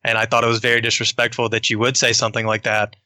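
A male caller with a very bright, forward voice and a flat, level delivery. He tells his story haltingly, in a dry, close sound with no room around it. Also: medium pitch, no echo. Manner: hesitant, halting. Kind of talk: phone-in conversation.

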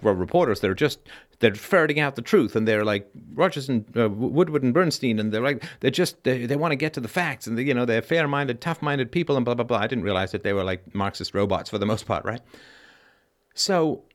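Male call-in host, mid-pitched voice, emphatic, lecturing, probing questions. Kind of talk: call-in advice talk.

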